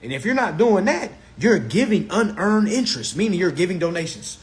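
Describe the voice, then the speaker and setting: Man, live teaching, casual and blunt, emphatic, repeats himself, high voice, very lively pitch. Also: brisk. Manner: emphatic and repetitive, with rhetorical questions and profanity.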